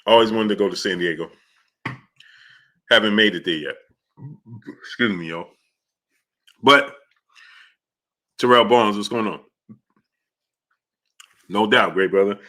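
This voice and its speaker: A man's voice: fairly low pitch, a little slow, pauses often, pushed and bright. A man hosting a live boxing talk stream, talking emphatically with repeated fillers and frequent "you understand?". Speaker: sports talk show host.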